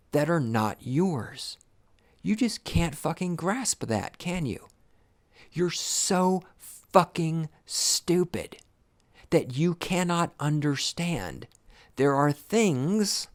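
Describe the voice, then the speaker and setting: A man hosting a podcast, delivering an angry, scornful, profane rant. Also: a little high. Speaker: podcast host. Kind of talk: profane ranting monologue.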